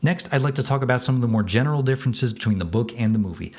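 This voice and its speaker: A man's voice: mid-range voice, animated, racing. Casual man reviewing a book and film. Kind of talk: scripted video commentary.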